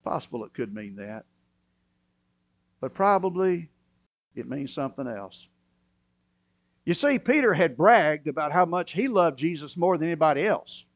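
A man preaching a sermon, moving between quiet, low asides and loud, emphatic bursts. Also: big pitch swings, normal speed, pauses often, dry recording, muffled recording. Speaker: pastor.

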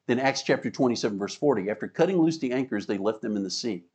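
A man's voice: medium pitch, expressive, fast, a little mellow. Male preacher delivering an emphatic teaching sermon, reading verses aloud. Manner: teaching, reads scripture aloud, emphatic, chuckles. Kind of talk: sermon with slides.

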